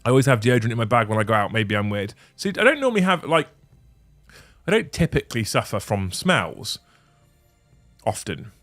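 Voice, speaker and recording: A man's voice: mid-range voice, very animated, a little fast, pauses often, fairly bright tone, dry recording. Male livestream host from England, rambling casual chat, dry room sound, faint music underneath. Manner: rambling, chatty, reads out lists and chat messages.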